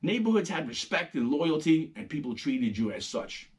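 Husky middle-aged New man. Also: on the high side, normal speed. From New York. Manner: animated, profane storytelling, acting out quoted voices. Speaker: host. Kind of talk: casual monologue.

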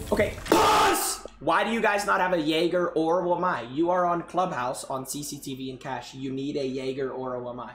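A young man streaming and coaching viewers' game clips, brash and profane, often repeating himself in exasperated outbursts. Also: high voice. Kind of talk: live-stream game commentary. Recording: roomy echo with loud music behind.

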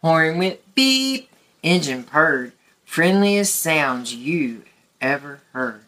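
A woman reading a picture book aloud at story time, gently and expressively for young children. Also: low-pitched, big pitch swings, very slow.

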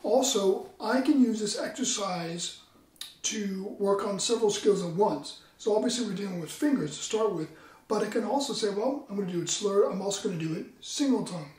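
A man explaining trumpet practice in a relaxed, explanatory way, sometimes singing tonguing syllables. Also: high voice, a little fast. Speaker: trumpet teacher. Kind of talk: instructional demo talk. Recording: roomy, distant mic, faint background noise.

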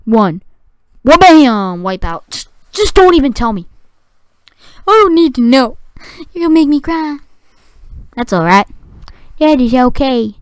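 A woman giving excitable gameplay commentary, talking to the game and shouting at it. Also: sits high, measured pace, pauses often, no echo. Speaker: gaming video creator.

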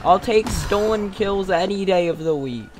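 A young adult doing casual gameplay commentary, excitable, yelping and joking about themselves. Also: mid-range voice, normal speed. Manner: excitable, yelps and self-mocking banter. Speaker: gaming channel host. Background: game music and gunfire.

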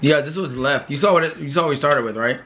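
A man's voice: fairly high pitch, quick pace. A young man and father joking around while eating a pineapple at home for a mukbang vlog. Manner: playful, joking, animated. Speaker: vlogger and father. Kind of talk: casual chat during a fruit mukbang. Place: home, at a table. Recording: home recording with music behind.

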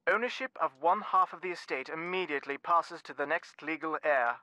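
An actor playing a well-spoken lord of a manor who speaks formally and with measured exasperation in a game. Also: male voice, fairly high pitch, bright, forceful tone, no room sound, low-quality recording. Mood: exasperated.

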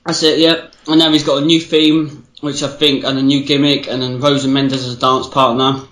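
A man's voice: mid-range voice, flat delivery, moderate pace, fairly bright tone. British man, echoey casual podcast chat. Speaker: podcast co-host. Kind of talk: casual chat, swearing and joking. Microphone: Skype call. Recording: roomy echoey Skype recording.

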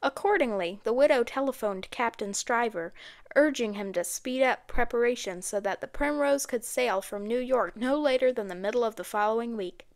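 Woman reading an audiobook, higher voice. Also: moderate pace. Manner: steady storytelling. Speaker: audiobook narrator. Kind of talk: scripted narration.

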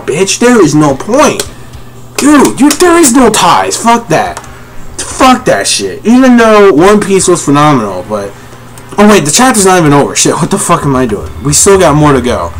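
A man reviewing a manga chapter as a live reaction, talking in an excitable, profane way and breaking into yells. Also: high-pitched, moderate pace. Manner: excitable, profane, yelling in bursts.

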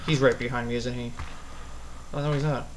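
A man commentating a horror game as he plays, easily spooked, swearing and yelling at the monster. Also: medium pitch, steady tone, a little fast, background noise. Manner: jumpy, swears a lot, yells at the monster. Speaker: gaming channel host.

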